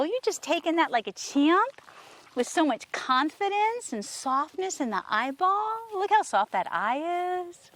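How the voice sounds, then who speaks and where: Working a horse outdoors for a casual training vlog, a woman trainer alternates between gentle, coaxing praise for the animal and excited explanations to the camera. Her voice sits a little high and swings through a wide, lively range at normal speed. There is slight background noise.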